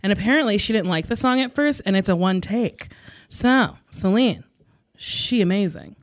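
A woman comedian answering rapid-fire questions, frank and animated, with playful asides. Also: mid-range voice, no echo, clean studio sound. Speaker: stand-up comedian.

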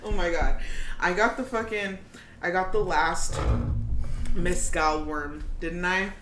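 A guest on a casual podcast, trading wry, drawn-out remarks that are full of swearing. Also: medium pitch, fairly even intonation, bright, forceful tone. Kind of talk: casual chat. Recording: echoey room with clear background noise.

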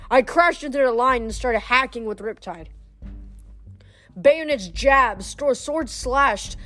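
A woman reading a novel aloud chapter by chapter, often tripping over words and restarting them. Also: a little high. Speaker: reader.

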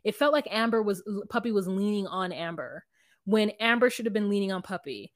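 A woman's voice: mid-range voice, animated, a little fast, no echo, clean studio sound. A woman co-hosting a podcast, recapping reality TV in casual chat and acting out quotes with animation. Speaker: podcast co-host.

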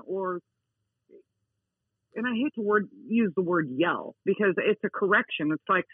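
A woman who is not soft-spoken, talking emphatically in a casual interview and repeating her key words. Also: mid-range voice, expressive, normal speed, long pauses, husky, no echo. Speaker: dog owner interviewed as a guest. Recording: tinny phone line.

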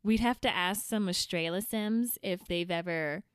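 A woman's voice: on the low side, unhurried, clear, resonant tone, dry recording, clean studio sound. A woman co-hosting a podcast in casual chat, playful and full of jokes. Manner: playful, jokey. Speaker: co-host.

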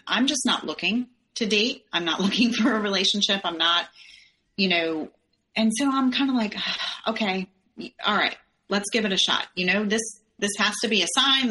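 Candid woman guest, bright and sharp-toned, retelling events and voicing the quoted lines. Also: mid-range voice. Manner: candid, acts out quoted dialogue in her retelling. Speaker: podcast guest. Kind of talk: personal storytelling in an interview.

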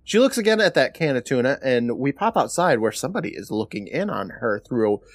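A man co-hosting a podcast, recapping an episode in an animated, casual way with quick laughs. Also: medium pitch, no room sound. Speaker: podcast co-host.

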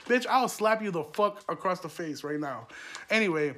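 High-voiced young man, profane storyteller. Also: quick pace, fairly bright tone. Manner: profane, rambling, laughing asides. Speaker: podcast host. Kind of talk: casual storytelling.

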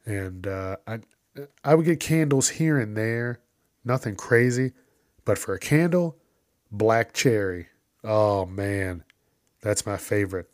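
A man's voice: lowish voice, expressive, slow, long pauses, a little mellow, no echo, studio quality. A man hosting a podcast, talking casually on his own in a profane, ranting way. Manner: profane, ranting, acts out quoted exchanges. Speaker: podcast host. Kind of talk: casual solo rant.

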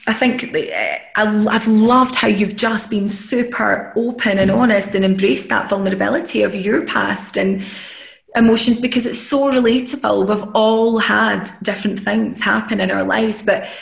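A woman's voice: mid-range voice, steady tone, moderate pace, creaky, echoey room. A woman hosting a podcast, talking in an earnest, encouraging coaching manner about emotions and letting go. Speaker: podcast host. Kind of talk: casual podcast conversation.

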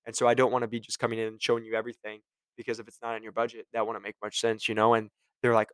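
A man's voice: lowish voice, completely flat delivery, rapid-fire, fairly bright tone, clean tone, no echo. A young man who works in medical device sales, talking casually and with passion as he gives career advice and acts out his phone calls. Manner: admits he gets passionate and curses.

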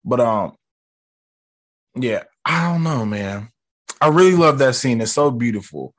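With an animated but unhurried mid-range voice, a man runs through his ranking of movie moments. The vlogger keeps it slangy and foul-mouthed, speaking straight to the people watching.

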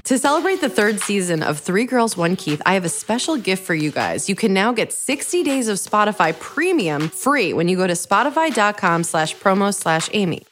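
A woman's voice: mid-range voice, very animated, normal speed, hardly any pauses, a bit bright, soft background music. Blunt, teasing woman podcast host. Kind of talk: casual podcast chat.

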